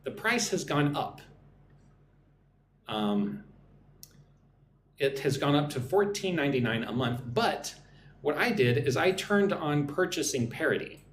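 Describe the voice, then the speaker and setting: An American man teaching business English on a live stream, speaking slowly and clearly and often checking in with "right?". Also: on the high side, lively intonation, echoey room, a little hiss or hum. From United States.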